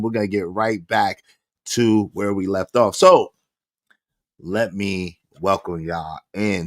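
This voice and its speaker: A man hosting a livestream, chatting casually with an animated, slangy delivery and rhythmic shout-outs to the chat. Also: lowish voice, no echo, clean studio sound. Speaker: livestream host.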